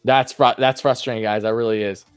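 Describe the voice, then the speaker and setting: A man doing live play-by-play fan commentary, chatting with his viewers and swinging between calm pitch calls and loud outbursts. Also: fairly quick, clean tone, no room sound, faint music behind.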